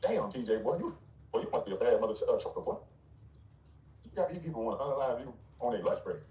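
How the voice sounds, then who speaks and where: A man's voice: medium pitch, expressive, fast, warm tone, far from the mic. A man ranting in a blunt, mocking, dismissive way, with scornful laughs. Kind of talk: ranting commentary. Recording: roomy, off-mic.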